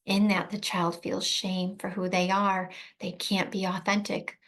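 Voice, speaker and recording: A woman's voice: mid-range voice, completely flat delivery, measured pace, a bit bright. Earnest woman coaching parents. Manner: earnest, emphatic, repeats key phrases, frequent "right?". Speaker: trauma coach speaking to protective parents. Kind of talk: advice talk to camera.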